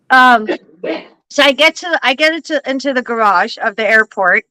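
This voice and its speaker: Woman host, bright and slightly high, close dry sound; animated, salty storyteller on a home livestream. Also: normal speed, no room sound, rough recording. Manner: animated, swears freely, restarts sentences. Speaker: livestream host and psychic reader. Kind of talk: casual storytelling chat.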